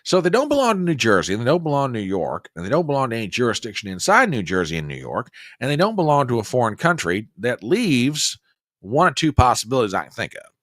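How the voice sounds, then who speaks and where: A man's voice: mid-range voice, wildly swooping pitch, quick pace, a bit bright, dry recording, clean studio sound. A man hosting a casual news commentary livestream, folksy and chatty as he talks straight to his viewers. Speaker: host.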